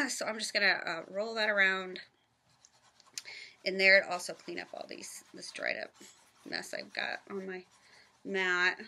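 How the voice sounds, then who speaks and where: A woman's voice: medium pitch, measured pace, pauses often, bright, forceful tone. A woman from the American South giving a chatty, casual craft tutorial in her home office, narrating each step with self-deprecating asides. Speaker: craft vlogger.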